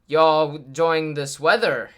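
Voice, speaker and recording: A young man imitating an awkward old man in his seventies who speaks in a halting drawl. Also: a little high.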